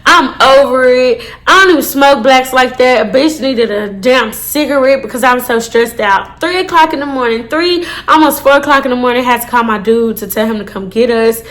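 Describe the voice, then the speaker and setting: A woman telling a casual storytime to her viewers, animated and full of swearing. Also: sits high, normal speed, hardly any pauses. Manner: animated, swears a lot, addresses viewers as y'all. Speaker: storytime vlogger.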